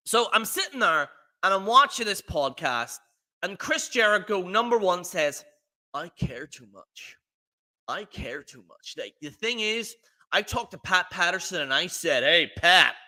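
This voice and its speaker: A man's voice: high voice, pushed and bright. A man hosting a livestream, ranting in a profane, rambling, mocking way. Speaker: livestream host. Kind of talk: casual rant on a livestream.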